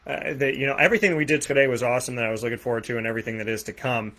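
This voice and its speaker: A man with a Boston accent hosting a sports talk show, rattling off plugs and shout-outs with energy. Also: medium pitch, fairly even intonation, racing. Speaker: host. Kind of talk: energetic radio show sign-off.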